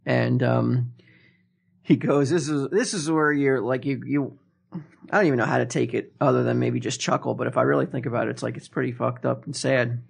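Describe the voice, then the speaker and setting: A man's voice: mid-range voice, fairly even intonation, a little fast, creaky, husky. A man co-hosting a podcast, rambling through a story in casual chat and laughing often. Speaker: podcast co-host telling a story.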